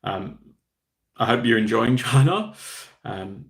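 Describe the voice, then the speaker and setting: A man's voice: mid-range voice, expressive, slow pace, gravelly. A man hosting a casual live stream, chatting in a rambling, self-deprecating way while answering viewer comments. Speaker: livestream host.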